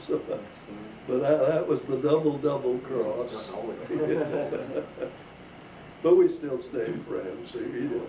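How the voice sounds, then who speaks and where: Taking his time in a mid-range voice, an older man tells a folksy, chuckling story from his life to relatives in the living room, with a crowd audible in the background. It was recorded at home on a distant mic, sounding roomy with faint hiss.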